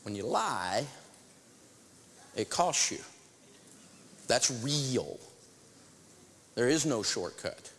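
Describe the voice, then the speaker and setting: A middle-aged man teaching a lesson, telling a story in an animated, self-mocking way. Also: medium pitch, extremely slow, pauses often, big-room sound. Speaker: financial teacher. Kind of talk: storytelling lesson to a live audience.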